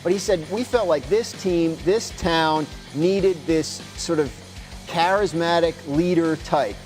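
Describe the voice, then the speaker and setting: Male sports reporter, slightly higher voice, loose conversational delivery with frequent restarts. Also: measured pace, a little mellow, soft background music. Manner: rambling, many restarts and retold quotes. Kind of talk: conversational interview answers.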